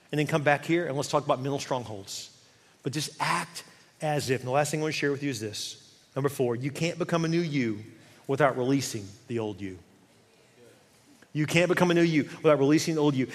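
A man's voice: on the high side, in a large hall. A man preaching a sermon as pastor, earnest and repetitive, leading the congregation in spoken prayer at a church service. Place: church service streamed to several campuses.

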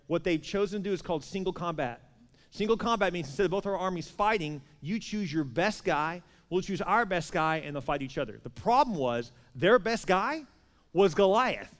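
Fast-talking, high-voiced male preacher in a hall. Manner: storytelling with acted-out dialogue, animated and joking. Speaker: pastor. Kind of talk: sermon. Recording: reverberant hall.

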